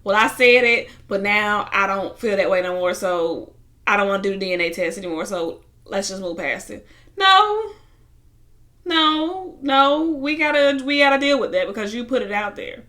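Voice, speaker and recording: Bright, animated woman recapping a show. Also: medium pitch, fairly quick. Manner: animated retelling, acting out quotes, bursts of laughter. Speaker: reality show reviewer. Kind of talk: casual recap commentary.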